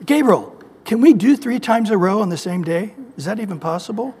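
A preacher doing a weary, forgiving God. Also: male voice, high voice, lively intonation, a little fast, warm tone, husky, in a large hall. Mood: exasperated. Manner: sighing, exasperated but kindly. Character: God, a patient, weary, forgiving male deity.

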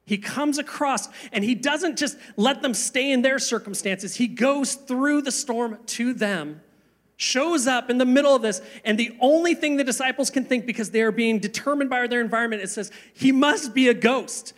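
A man preaching a sermon, earnest, asking rhetorical questions and slowing down for emphasis. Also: very high voice, fairly bright tone. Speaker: pastor.

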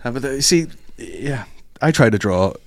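A man's voice: mid-range voice, expressive, moderate pace, creaky, dry recording, clean studio sound. A man, telling stories and mimicking people in casual podcast banter. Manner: storytelling, mimics voices, swears. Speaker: podcast co-host.

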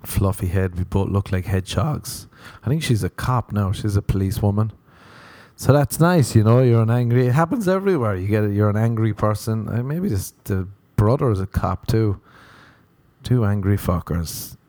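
Irish man, comedian, low mellow voice, dry close sound, rambling profane stories. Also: animated, normal speed, no room sound. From Ireland. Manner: profane, playful storytelling with mocking quoted voices. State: sunburnt. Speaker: comedian podcast host. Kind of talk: casual rambling podcast monologue.

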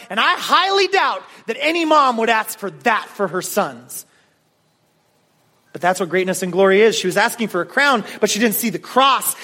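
A man's voice: high voice, bright, forceful tone. A man preaching a sermon in a conversational, emphatic way, often saying "like" and speaking straight to his listeners. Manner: addresses listeners directly. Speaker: pastor.

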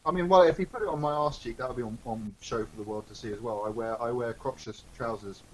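A man bantering in an improvised comedy podcast, firing off deadpan quips. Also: mid-range voice, fast, poor audio. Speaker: co-host playing along in an improvised story.

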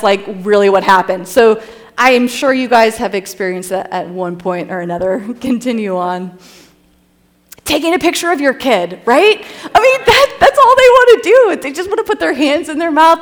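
Brief: woman, 30s, higher voice, humorous slide talk, storyteller who laughs often. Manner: chatty storytelling, laughs often, acts out quotes. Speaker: speaker presenting slides to a group.

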